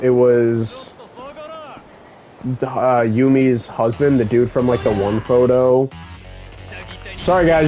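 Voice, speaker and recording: A young man recapping a video game story while playing, rambling with excitable, profane asides. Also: mid-range voice, poor audio. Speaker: let's play gamer.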